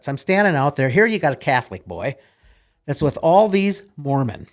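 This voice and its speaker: A man's voice: mid-range voice, big pitch swings, moderate pace. An older man, a retired military officer, telling folksy rambling stories in an interview. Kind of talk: casual storytelling in an interview.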